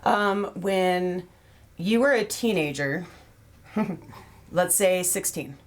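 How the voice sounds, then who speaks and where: A woman's voice: fairly low pitch, extremely slow. A woman in her thirties, co-hosting a casual podcast chat and acting out quotes in playful voices. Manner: animated, acts out quotes in silly voices. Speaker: podcast co-host.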